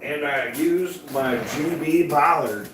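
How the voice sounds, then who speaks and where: A man's voice: low-pitched, big pitch swings, a little slow, reverberant, noisy background. A man vlogging in casual chat, rambling and joking with crude language.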